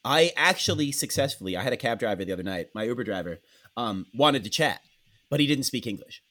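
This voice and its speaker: Animated Canadian man telling stories. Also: medium pitch, quick pace. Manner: animated storyteller, swears, acts out voices. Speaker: podcast co-host. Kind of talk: casual chat.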